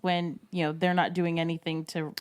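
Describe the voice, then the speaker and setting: A woman's voice: lowish voice, little pitch movement, moderate pace, a little mellow, smooth. A woman guest on a podcast, speaking in a reflective, earnest way and often adding "you know". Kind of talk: casual conversation.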